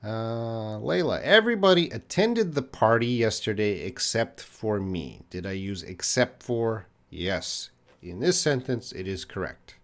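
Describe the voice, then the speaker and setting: A man from Canada teaching English on a live stream, answering viewers' chat questions patiently and slowly with many pauses. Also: lowish voice, animated. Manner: slow, patient, repeats student names and pauses with uh; drinks tea while talking to the camera.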